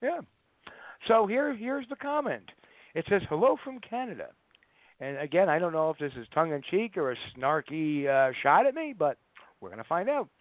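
A man's voice: on the high side, very animated, normal speed, no echo. Middle-aged male radio host, joking. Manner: joking, storytelling. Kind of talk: casual radio chat. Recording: dry, phone-like line.

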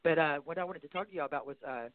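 A man's voice: on the high side, racing, a crowd in the background. A radio show host, a man, talks in a rambling, chatty way with many fillers and apologies. He is short of breath while chatting and reading a long post aloud. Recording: tinny dry phone line.

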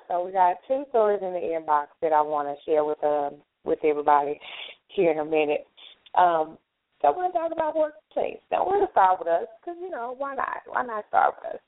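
A woman's voice: lowish voice, normal speed. Woman host chatting away, laughs a lot, sounds like over a phone line. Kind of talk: casual chat. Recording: tinny phone-like call audio.

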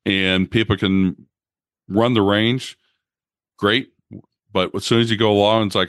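A man's voice: fairly low pitch, steady tone, a little slow, long pauses, a bit bright, smooth, no echo, clean studio sound. A man hosting a podcast, conversational and explanatory. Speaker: podcast host. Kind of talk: podcast interview.

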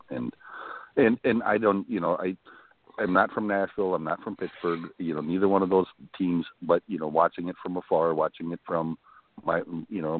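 A man's voice: a bass voice, dry recording. A man with a Northern US accent, co-hosting a casual sports talk show, rambling with many fillers and restarts. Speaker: co-host. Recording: tinny phone-like line.

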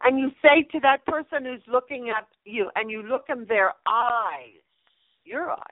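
A woman's voice: fairly high pitch, measured pace, dry recording. A middle-aged woman hosting a radio advice show. She speaks emphatically, repeats key phrases and addresses her listeners fondly. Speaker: radio show host and numerologist. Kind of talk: inspirational radio advice talk. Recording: narrow phone-like line, dry.

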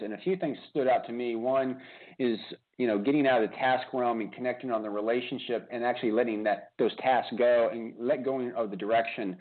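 A man hosting a radio interview show, talking casually and animatedly, with lots of restarts and repeated words. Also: mid-range voice. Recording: tinny phone-like line.

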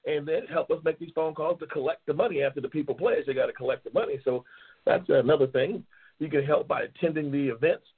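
A man's voice: a little high, fast, breathy edge. Angry profane man on a tinny line. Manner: angry, profane, repetitive ranting. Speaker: talk show host. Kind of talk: profane ranting monologue. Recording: tinny phone-line audio.

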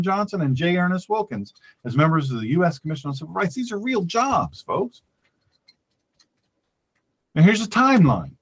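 Emphatic man with a lively, high-leaning voice. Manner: emphatic, repeats points, addresses listeners as folks. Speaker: pastor hosting an online show. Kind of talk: animated political commentary.

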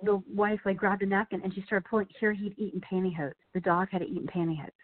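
A woman's voice: mid-range voice, quick pace. Chatty woman author on a phone line. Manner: animated storyteller, many fillers like "you know" and "like". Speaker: author and guest. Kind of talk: casual interview chat. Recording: phone-like narrow band.

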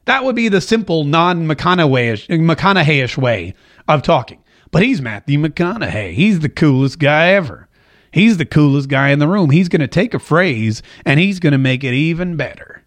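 A man hosting a casual commentary show, talking in a chatty, joking way with animated asides. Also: on the high side, normal speed. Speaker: show host.

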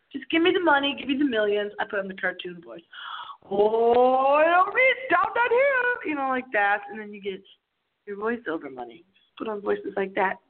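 A woman's voice: mid-range voice, slight background noise. A woman hosting a late-night radio show, talking in a theatrical, playful, giggly way as she tells a story. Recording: tinny phone line.

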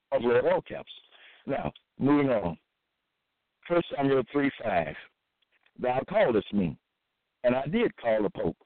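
Halting man preaching over a tinny line. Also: medium pitch, no echo. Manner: halting and repetitive, with many fillers and restarts. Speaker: self-styled preacher. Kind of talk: scripture-reading monologue. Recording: dry, tinny phone-like sound.

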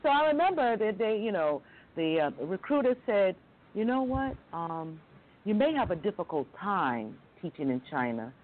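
A middle-aged woman from Long Island, a talk show guest telling her story in a candid, animated way. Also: moderate pace. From Long Island, New York. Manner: animated, candid, jumps into high quoted voices. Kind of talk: casual interview storytelling. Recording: tinny phone-like call audio.

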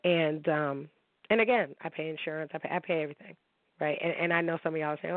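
This upstate New York podcast host talks briskly in a low voice about her divorce, heated and candid, frequently asking her audience if they get it. The sound is thin and phone-like with no echo.

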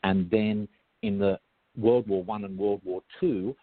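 Australian man, guest expert, lowish voice, rambling and friendly, tinny call audio. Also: sing-song, measured pace, vocal fry, no echo. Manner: chatty, digressive, self-interrupting. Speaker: guest hypnotherapist. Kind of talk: casual explanatory interview talk. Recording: tinny phone-like line, dry.

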